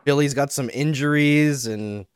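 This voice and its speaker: A man's voice: mid-range voice, a little slow, clean tone, no room sound, clean studio sound. A man hosting a podcast, chatting casually with wry storytelling. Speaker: podcast host.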